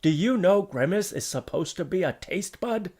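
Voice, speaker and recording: A man's voice: sits high, expressive, normal speed, darkish tone. Young guy at his computer doing sarcastic riffs, joking around with goofy mock voices here and there. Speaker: comedy commentary host. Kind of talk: reading and riffing on online listings. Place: home setup at a computer desk.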